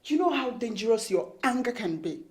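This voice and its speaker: An actress playing a worried sister with a Nigerian English accent, pleading urgently and soothing in hushed tones. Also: female voice, fairly high pitch, expressive, a little fast, lightly acted. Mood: alarmed.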